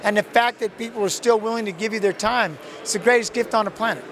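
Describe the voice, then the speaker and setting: A man's voice: high voice, fast talker, background noise. A middle-aged man telling an emotional story as an interview guest, acting out his own quotes, outdoors. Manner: animated, acts out his own quotes, swears. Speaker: interview guest, retired fighter.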